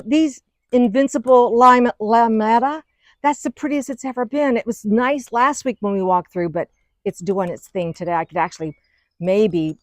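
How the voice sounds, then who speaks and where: A middle-aged woman hosting a gardening vlog, chatting excitedly as she walks through her outdoor garden. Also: on the high side, no room sound. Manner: chatty, excitable, gushing over plants. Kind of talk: casual garden walk-through.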